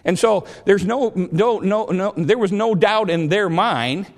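A man's voice: high voice, measured pace. Man preaching in a reverberant hall. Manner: earnest, repeats himself and restarts often. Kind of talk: sermon.

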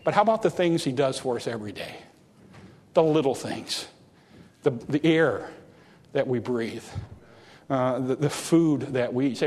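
A man's voice: mid-range voice, lively intonation, normal speed, pauses often, darkish tone. A man preaching a sermon earnestly, repeating phrases and restarting words as he goes. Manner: earnest, repetitive, with stumbling restarts.

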